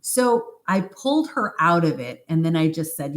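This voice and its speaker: A woman's voice: moderate pace, hardly any pauses. A woman practitioner telling a story on a live stream and answering viewer comments in a chatty, informal way, with fillers and asides. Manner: animated retelling, acts out quoted speech in a higher voice. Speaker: hypnosis practitioner.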